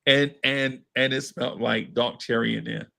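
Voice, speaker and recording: A podcaster with a mid-range, creaky voice talks at normal speed. His storytelling is casual and full of slang, and he swears freely while dramatizing what everyone said.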